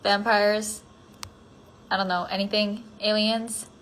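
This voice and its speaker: Answering fans on a solo phone livestream, a weary woman talks casually and rambles, her thoughts drifting amid many "like" fillers, occasionally softening to a near-whisper. Her voice is medium-pitched, level, and slow, with a little hiss or hum in the audio.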